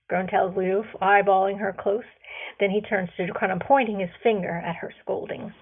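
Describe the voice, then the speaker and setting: A woman author reading her own fantasy story aloud, slow and deliberate with the odd slip, on a phone recording. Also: medium pitch, fairly even intonation, husky, narrow, tinny audio.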